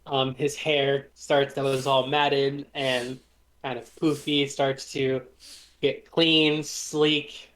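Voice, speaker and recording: A man serving as game master for a tabletop game, describing each scene slowly with frequent hesitations. His voice sits at an ordinary middle pitch. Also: level tone, a bit bright. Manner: descriptive, hesitant with many fillers.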